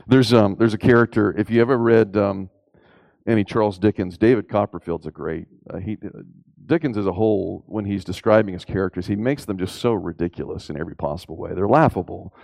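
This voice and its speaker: A male preacher with a low, gravelly voice delivers an emphatic sermon. He pushes his pitch up on key points and poses rhetorical questions. The sound is close and dry. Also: fairly quick, darkish tone, dry recording.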